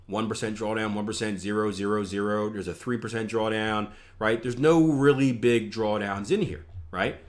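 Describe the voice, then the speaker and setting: A man working as a trading coach, talking casually through charts and keeping his listeners with him by asking "right?" again and again, with self-mocking asides. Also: fairly low pitch. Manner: conversational, many filler "right?" checks, self-mocking asides. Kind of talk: casual teaching over a screen share.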